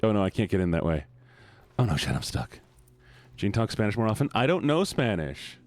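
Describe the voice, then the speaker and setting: A male streamer giving excitable, casual commentary on a game, swearing and laughing as he goes. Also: fairly low pitch, fairly quick.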